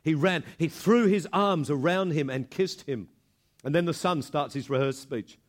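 A male pastor delivering an animated sermon, retelling a story with frequent repeated words. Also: on the high side, moderate pace.

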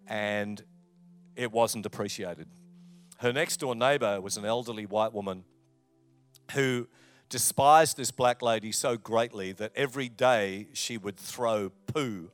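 A man, a pastor preaching a sermon, with loud emphatic lines and quiet asides. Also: fairly low pitch. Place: church.

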